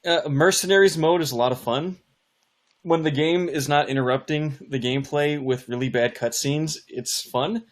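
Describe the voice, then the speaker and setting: A man's voice: a little high, moderate pace. A man in casual chat, cracking crude, sarcastic jokes.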